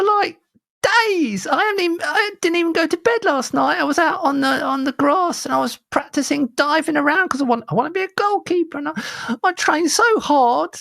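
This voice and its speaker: A man's voice: vocal fry, pushed and bright, exaggerated voice. A man with a Leicester accent voicing a whiny, tearful little boy who keeps begging his dad. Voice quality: high squeaky pleading voice. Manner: whiny, repeating pleas.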